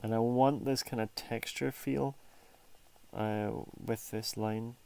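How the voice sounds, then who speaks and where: A man's voice: medium pitch, steady tone, takes it slowly, creaky, dark tone, clear, resonant tone. A man casually talking through his drawing process on a stream, rambling and interrupting himself, sometimes dropping to a near whisper. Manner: rambling, self-interrupting, chatty. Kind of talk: casual narration while drawing.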